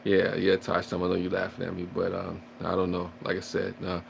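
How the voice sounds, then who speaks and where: A man's voice: sits low, monotone, brisk, creaky, a little hiss or hum. A man chatting and joking with viewers on a casual livestream, rambling and playfully acting out scared shrieks. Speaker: livestream host.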